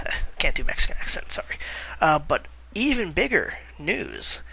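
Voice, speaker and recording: A man's voice: on the high side, big pitch swings, quick pace, gravelly, few pauses, pushed and bright, rough recording. A man giving casual movie-news commentary in a vlog, rambling with lots of "uh" fillers, correcting himself and chuckling wryly at his own remarks.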